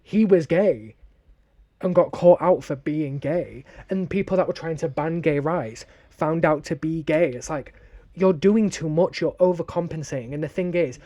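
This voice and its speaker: A man's voice: fairly high pitch, moderate pace, mellow. A young man with a Northern English accent, co-hosting a podcast and telling a story bluntly, with a lot of swearing. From northern England. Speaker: podcast co-host. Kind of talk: casual podcast chat.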